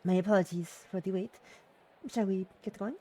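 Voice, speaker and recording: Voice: mid-range voice, steady tone, moderate pace, mellow, lightly acted. A streamer reading a polite young heroine who speaks formally and with concern.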